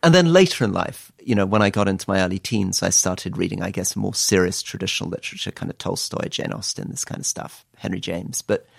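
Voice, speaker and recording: A man's voice: low voice, brisk, vocal fry, few pauses, husky, no echo. A British man, a former politician turned author, giving dry, wry interview answers. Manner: dry, wry storytelling with quoted asides.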